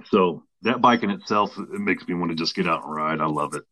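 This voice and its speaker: A man's voice: low-pitched, a little fast, bright, forceful tone, dry recording. A man, a podcast guest telling a long casual story full of restarts and acted-out quotes. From Texas. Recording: dull, dry lo-fi sound.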